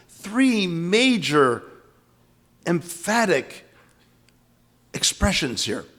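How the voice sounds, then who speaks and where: A man's voice: high voice, sing-song, takes it slowly, long pauses, fairly bright tone. An older man from the US East Coast giving an emphatic, dramatic lecture on scripture, repeating key phrases for weight. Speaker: spiritual teacher.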